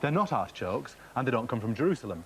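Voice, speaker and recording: A man's voice: medium pitch, big pitch swings, quick pace, fairly bright tone, a little hiss or hum. A man explaining vegetables as a guest on a children's TV show, with dry wit. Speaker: cookery guest. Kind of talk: explaining food on TV.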